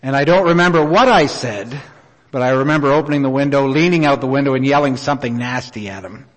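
A middle-aged man preaching a sermon, telling a personal story in an earnest, unhurried way with many pauses. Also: medium pitch. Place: church auditorium. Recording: reverberant hall.

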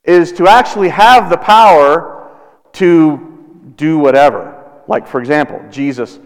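Pastor, thirties, deliberate sermon delivery with long pauses, big hall reverb. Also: male voice, a little high. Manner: slow, deliberate preaching with dramatic pauses.

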